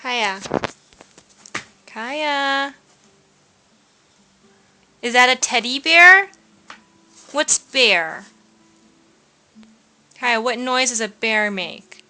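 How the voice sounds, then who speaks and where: A woman, a parent, gently and patiently quizzing her toddler at home, recorded on a video camera. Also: fairly high pitch, expressive, extremely slow, long pauses. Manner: gentle, patient prompting questions. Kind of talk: talking to a toddler.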